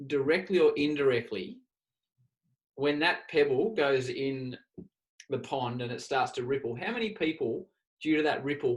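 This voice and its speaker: A man's voice: medium pitch, poor audio. An Australian man hosting a sports podcast, asking questions in a joking, casual way. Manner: joking, laughs along. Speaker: podcast host. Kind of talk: casual interview chat.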